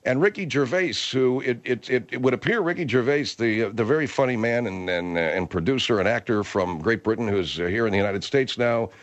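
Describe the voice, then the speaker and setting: A man's voice: medium pitch, brisk, few pauses, lo-fi sound. A man hosting a comic radio show, rambling and stumbling over his words. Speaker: radio host.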